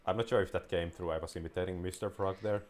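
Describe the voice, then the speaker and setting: A man's voice: deep voice, fairly even intonation, fast, darkish tone. A man giving casual, playful gameplay commentary as a gaming video creator, rambling and joking as he plays. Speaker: gaming YouTuber.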